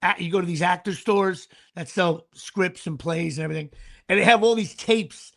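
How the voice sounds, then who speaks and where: A man with a notably high, gravelly voice chats casually as a podcast host. He rambles through his stories and restarts his sentences often. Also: moderate pace, fairly bright tone. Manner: rambling storyteller, frequent fillers and restarts. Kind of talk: casual chat.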